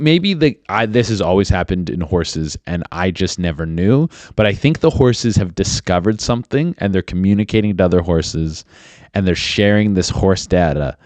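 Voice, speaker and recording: A man's voice: low-pitched, darkish tone, dry recording. A young man hosting a podcast alone, rambling casually with lots of swearing and filler words. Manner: rambling, profane, many fillers. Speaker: podcast host. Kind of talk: casual solo podcast chat.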